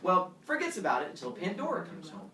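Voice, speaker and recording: A male teacher telling a myth to his class in an animated way, with a camera across a classroom. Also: high voice, quick pace, distant mic, a little hiss or hum. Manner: animated, acts out every voice. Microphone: camera across the room. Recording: roomy classroom heard from afar.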